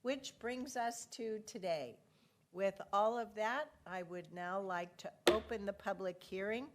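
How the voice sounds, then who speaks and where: A woman's voice: medium pitch, measured pace, very noisy. A woman with a cough chairing a public board meeting, courteous and procedural. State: has a cough.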